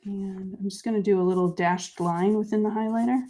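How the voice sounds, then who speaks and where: A woman hosting a live crafting show, chatting with viewers and talking through each step, her voice dropping to quiet murmurs while she writes. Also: medium pitch, fairly even intonation, fairly quick, background noise. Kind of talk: live crafting chat, answering viewer comments.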